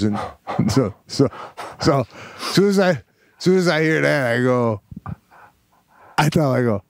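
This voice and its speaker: A middle-aged man, a comedian co-hosting a podcast, telling a story with animated energy and acting out the dialogue. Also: medium pitch, no echo, clean studio sound. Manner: animated, acts out dialogue, fast bursts. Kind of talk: comic storytelling.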